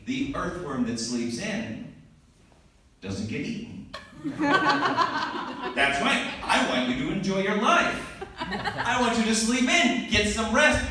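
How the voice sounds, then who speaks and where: A young man performing a stand-up comedy set on a comedy club stage, animated and shouting his punchlines in mock panic. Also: sits high, a little hiss or hum. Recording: echoey club from far off, crowd laughter. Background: audience laughing and cheering.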